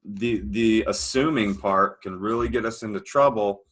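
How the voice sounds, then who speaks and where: A man's voice: on the low side, normal speed, a bit bright, rough recording. A man taking part in a live group discussion, reflecting thoughtfully and drawing on his own experience. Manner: reflective, speaks from personal experience. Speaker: discussion participant.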